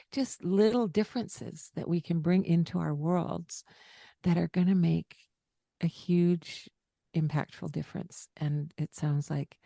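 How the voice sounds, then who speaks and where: Older female podcast host, lowish voice, emotional and soft, dry close mic. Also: vocal fry, no echo. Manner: warm, tearful, soft-spoken at times. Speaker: parent coach and podcast host. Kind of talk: casual heartfelt chat.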